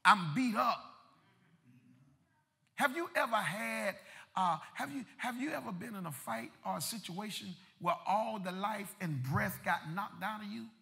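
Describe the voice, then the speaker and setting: A male pastor preaching a sermon in a church sanctuary, his impassioned delivery swelling into shouts and driving through rhythmic repetition. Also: sits high, expressive, moderate pace, creaky, in a large hall.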